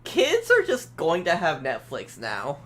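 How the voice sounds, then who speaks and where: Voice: medium pitch, huge pitch swings, a little slow, fairly bright tone. A young adult guest on a stream, chatting casually in rambling, stop-start sentences with some swearing. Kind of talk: casual chat.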